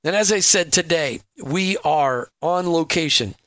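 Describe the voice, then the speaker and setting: Upbeat male talk radio host, fairly high voice, dry close mic, jokey and promotional. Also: unhurried, fairly bright tone, no echo. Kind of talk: Christian talk radio hosting.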